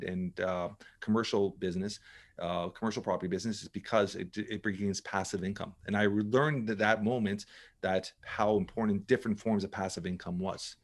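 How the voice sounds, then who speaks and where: A man's voice: fairly low pitch, fairly bright tone. A middle-aged man talking casually as a podcast guest, emphatic and full of restarts and repeated words. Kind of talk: casual interview talk.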